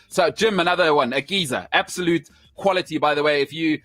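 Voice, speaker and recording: A man's voice: a little high, brisk, a bit bright, no echo, faint music behind. A man hosting a sports talk show, effusive and grateful, often stumbling over his words. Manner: effusive, stammering restarts. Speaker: host. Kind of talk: casual chat.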